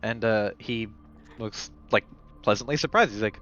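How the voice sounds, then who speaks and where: A man's voice: on the low side, normal speed, fairly bright tone, faint music behind. A man narrating as game master of a tabletop role-playing game, casual and rambling. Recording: dull lo-fi stream mic.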